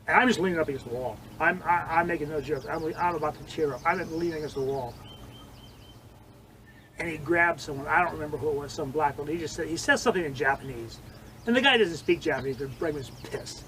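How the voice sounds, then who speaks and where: An older man telling vivid stories in an interview, acting out quoted lines and swinging between loud and hushed. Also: a little high, slight background noise, rough recording. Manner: animated storyteller, acts out quotes, swings loud and soft. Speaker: interviewee, former judo training partner. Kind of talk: storytelling interview.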